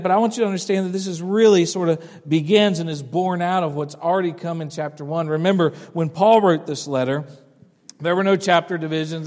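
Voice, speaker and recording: A middle-aged male pastor with a high voice, preaching in an easy, storytelling way that keeps doubling back on its words. His sermon rings out with a long church reverb. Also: a little mellow. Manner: conversational storytelling with frequent restarts.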